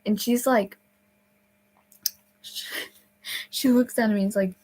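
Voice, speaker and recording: Brief: young woman, casual storytime vlogger, rambling with fillers, mid-pitched voice, slips into whispers. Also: takes it slowly, long pauses, a little mellow, rough recording. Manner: rambling, with many fillers and restarts, dropping to whispers.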